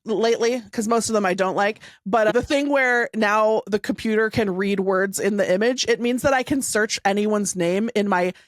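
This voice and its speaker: A woman co-hosting a podcast in casual chat, making wry, deadpan asides. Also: medium pitch, moderate pace, hardly any pauses, no room sound, clean studio sound. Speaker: podcast co-host.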